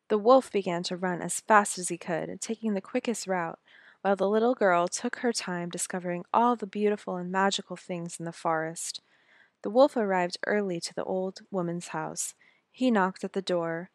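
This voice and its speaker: A woman's voice: on the low side, moderate pace, no room sound. Woman reading a storybook, dry close sound. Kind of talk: scripted storybook narration.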